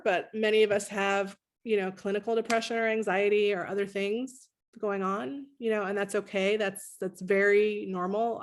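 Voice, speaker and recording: A middle-aged woman coaches parents during a live talk, reading out viewers' comments. She is animated, and her voice leaps high whenever she models praise.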